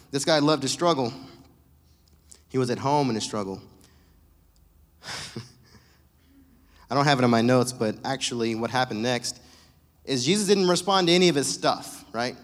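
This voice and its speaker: A male pastor giving a casual, joking sermon with animated storytelling. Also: mid-range voice, moderate pace, long pauses, in a large hall.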